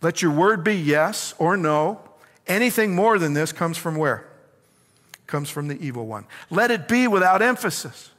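A man's voice: fairly high pitch, expressive, normal speed, fairly bright tone, long reverb tail. A man preaching a sermon, emphatic, asking his listeners questions and answering them himself. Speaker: pastor.

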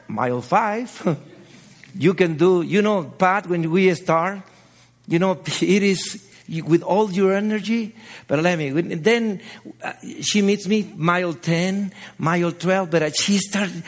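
His voice sitting high and his pace measured, this middle-aged pastor, a native Spanish speaker, delivers a passionate sermon. Repeated phrases carry him up into exhortation.

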